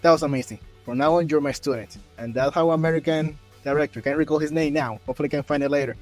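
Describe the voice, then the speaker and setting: A man hosting a podcast, telling a story in a lively way and acting out the quotes. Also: on the high side, fast, faint music behind. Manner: animated storyteller, acts out quotes in raised voices. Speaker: podcast host. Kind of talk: casual interview chat.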